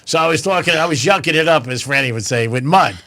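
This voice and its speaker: A man's voice: a little high, quick pace. A man hosting a radio show, joking and telling stories in casual banter with his co-hosts. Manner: joking, animated storytelling.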